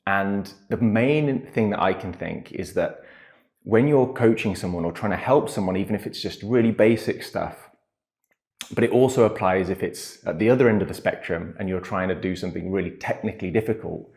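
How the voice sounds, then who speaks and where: A man, co-hosting a casual chat and speaking in an earnest, reflective, measured way. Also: low voice, a little mellow. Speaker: podcast co-host, coach.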